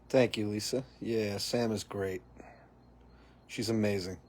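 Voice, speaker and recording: Speaking slowly in a steady, lowish, slightly mellow voice, a middle-aged man hosts a casual live chat outside on his porch. He reads viewer comments aloud and laughs often, sounding amused and talkative.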